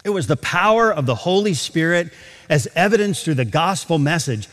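A man delivers a sermon with a lively, rising and falling voice, pitched a little high for a man. He leans on rhetorical questions and draws out key phrases for emphasis. The sound carries a long reverb from a large auditorium. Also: moderate pace. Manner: emphatic preaching with rhetorical questions and varied pace. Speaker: pastor.

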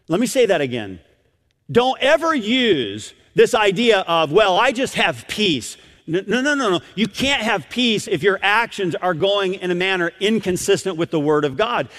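A man preaching a sermon, telling stories in an animated way and often restarting his phrases. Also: high-pitched, in a large hall. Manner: animated storytelling with repeated restarts.

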